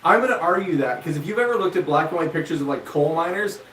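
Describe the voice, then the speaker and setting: A man's voice: on the high side, fast. A man chatting casually and joking on a livestream. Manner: joking, animated, puts on silly voices. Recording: roomy, distant mic with faint noise.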